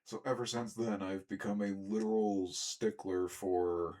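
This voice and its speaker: A young man with a very deep voice talks through a toy unboxing in a loose, rambling way. He keeps stopping to clear his throat and tacks on asides as he goes. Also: steady tone, measured pace, a little mellow. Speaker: toy reviewer. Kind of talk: casual unboxing review.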